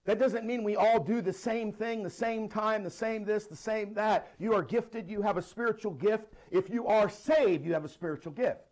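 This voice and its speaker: High-voiced, animated male preacher. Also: moderate pace, hardly any pauses. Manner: animated preaching with laughs and Bible readings. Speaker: pastor. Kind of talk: sermon.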